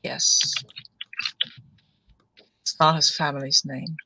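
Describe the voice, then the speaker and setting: A player with a bright, sharp voice, calmly explaining their character. The sound is dry and close. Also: medium pitch, takes it slowly, vocal fry, husky, no room sound, low-quality recording. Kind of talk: casual chat at a tabletop game.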